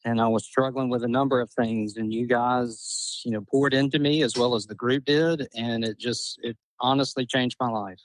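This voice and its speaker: A man's voice: mid-range voice, fairly even intonation, normal speed, hardly any pauses, dry recording, poor audio. A man in his fifties calling in to a podcast, speaking in a heartfelt, hesitant way. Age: 50s. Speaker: caller. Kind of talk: casual podcast chat.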